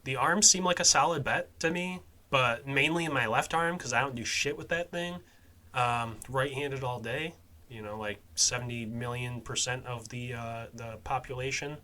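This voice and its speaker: Bright-voiced, profane casual podcast host man. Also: mid-range voice, normal speed. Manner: casual and profane, with fillers, trailing off quietly at phrase ends.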